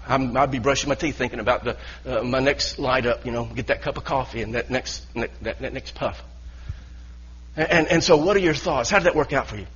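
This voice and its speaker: Male pastor, husky mid-pitched voice, earnest stop-start preaching, muffled church recording. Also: brisk, fairly bright tone. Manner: earnest preaching with repeated restarts. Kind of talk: sermon.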